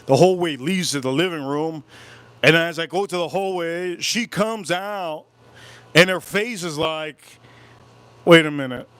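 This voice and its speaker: Man telling a spooky story, animated. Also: fairly high pitch, unhurried, clear, resonant tone. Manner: animated, repetitive, keeps breaking off about goosebumps. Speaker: whiskey channel host. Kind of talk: casual livestream storytelling. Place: home, live stream.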